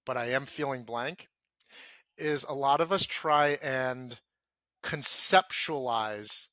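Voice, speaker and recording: A man speaking as a podcast guest in earnest conversation, acting out his own inner self-talk and dropping soft and low when he voices quoted feelings. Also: slow pace, no room sound.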